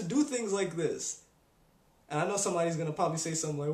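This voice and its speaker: A young man ranting on his video blog in an exasperated, animated way. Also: high voice, fast talker. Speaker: vlogger. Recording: echoey room.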